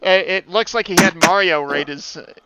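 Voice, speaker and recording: Wisecracking man, fairly high voice. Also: normal speed, very noisy. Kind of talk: casual crude banter.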